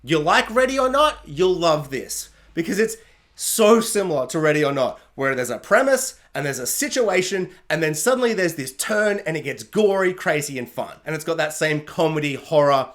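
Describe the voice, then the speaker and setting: A man's voice: a little high, animated, moderate pace. A man ranting animatedly in a solo video film review, exasperated and self-mocking, often laughing at himself. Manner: laughs at himself mid-rant.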